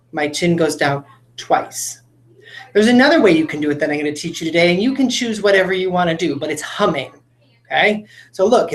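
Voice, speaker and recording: A woman teacher leads young children through a phonics lesson in a classroom, speaking in a somewhat low voice. She talks to the class directly and encourages them as she demonstrates words. The room is roomy and echoes around her.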